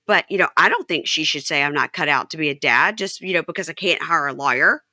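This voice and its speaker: A woman's voice: sits low, quick pace, pushed and bright, no echo, studio quality. A woman hosting a podcast, recapping a show in casual chat and retelling the dialogue with animation. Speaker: podcast host.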